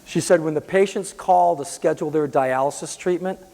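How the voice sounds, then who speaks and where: Man, earnest storyteller, halting delivery, slightly high voice, long hall reverb. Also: gravelly, background noise. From Boston area. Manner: earnest, halting, many restarts. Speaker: patient advocate. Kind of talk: personal storytelling.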